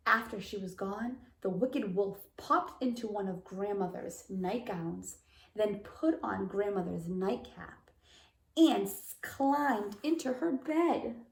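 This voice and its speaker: A woman reading a fairy tale aloud to young children, expressive and dramatic. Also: mid-range voice, slow, vocal fry, recorded from a distance. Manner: expressive, gasping and wondering aloud. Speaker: preschool teacher. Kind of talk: storybook read-aloud for children. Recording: roomy echo.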